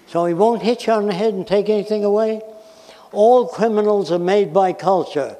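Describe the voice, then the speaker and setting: A man's voice: sits high, normal speed, warm tone. An American man giving a blunt, emphatic public lecture, making his points with examples and questions. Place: lecture hall. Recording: reverberant hall.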